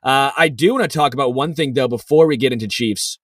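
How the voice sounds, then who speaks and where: A man's voice: medium pitch, fast, no echo. A man co-hosting a casual sports podcast, easygoing and upbeat, telling stories and reading a sponsor spot. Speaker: podcast co-host. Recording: dry, a bit distant from the mic.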